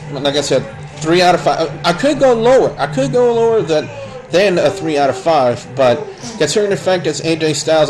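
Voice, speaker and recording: A man's voice: on the high side, low-quality recording. Blunt, rambling male wrestling reviewer. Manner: blunt, opinionated, rambling with restarts. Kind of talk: casual spoken review.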